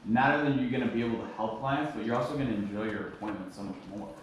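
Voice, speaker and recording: A man's voice: medium pitch, rapid-fire, a little hiss or hum. A man coaching his sales team in a meeting, repeating his points with emphasis. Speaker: sales trainer. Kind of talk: team training talk. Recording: echoey room from far off.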